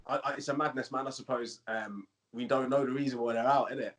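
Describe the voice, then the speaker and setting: A man's voice: medium pitch, steady tone, quick pace. A man co-hosting a podcast, chatting in a laid-back, rambling way full of slang. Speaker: podcast co-host. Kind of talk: casual chat.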